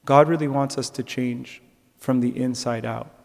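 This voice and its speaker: A man's voice: mid-range voice, moderate pace, vocal fry, in a large hall. A young man giving a conversational sermon reflection, with fillers and restarts. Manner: conversational, with fillers and restarts, animated when telling stories. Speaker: preacher.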